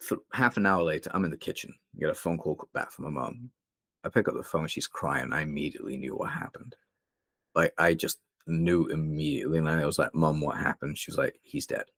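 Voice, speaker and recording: A man's voice: a bass voice, sing-song, brisk, creaky, a bit bright, no room sound, clean studio sound. A young man from England, a podcast guest, telling a painful personal story openly and emotionally, rambling with many fillers. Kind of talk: candid interview storytelling.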